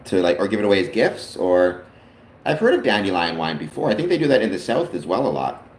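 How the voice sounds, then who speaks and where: A man's voice: low voice, very animated, quick pace. A Canadian man hosting a livestream, chatting casually and rambling a little. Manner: rambling, chatty, talks to his father on the stream. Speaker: livestream host. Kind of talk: casual chat. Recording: roomy echo, faint background noise.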